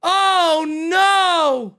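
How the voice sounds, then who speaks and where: A man hosting a live baseball watch-party stream, giving excitable, profane play-by-play and often shouting. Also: very high voice, drawn-out words.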